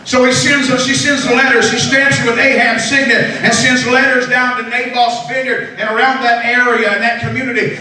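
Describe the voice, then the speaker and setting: A pastor preaching with emphasis, often breaking into shouts and calling for responses from the congregation. His voice sits very high and sounds bright and forceful. The sound booms around a large church sanctuary, picked up from a distance. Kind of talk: sermon. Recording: echoey hall, distant mic.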